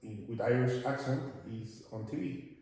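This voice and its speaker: A man chatting casually in a lesson, mostly giving short replies and halting restarts. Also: mid-range voice, darkish tone, heavy reverb, big-room sound, rough recording. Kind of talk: casual conversation.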